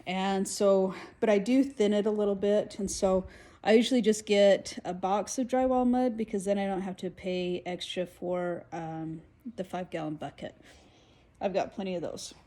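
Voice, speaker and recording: A woman's voice: mid-range voice, fairly even intonation, moderate pace, mellow. A middle-aged woman giving a casual, rambling how-to walkthrough of fixing walls in her home. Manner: chatty, rambling, self-deprecating. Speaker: home DIY vlogger. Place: home interior, room being renovated. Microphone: handheld phone or camera on tripod.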